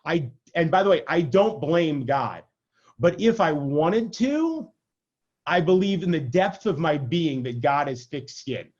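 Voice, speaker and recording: Speaking a little slowly, the rabbi has a fairly high, lively voice with a slightly mellow quality, heard through dull audio. He gives an adult class over video call in a loose, conversational lecture, checking in with "right?" and poking fun at himself.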